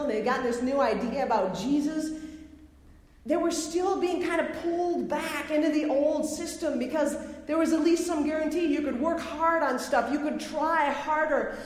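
A woman's voice: sits high, a little mellow. A woman preaching a sermon, emphatic and repeating phrases for effect. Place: large worship hall. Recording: echoey hall with long reverb.

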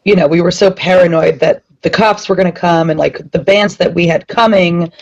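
A woman's voice: on the low side, fairly even intonation, fairly quick, darkish tone. A woman talking casually in an interview about her band, rambling with lots of fillers and now and then a swear word. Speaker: band member guest. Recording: muffled lo-fi sound.

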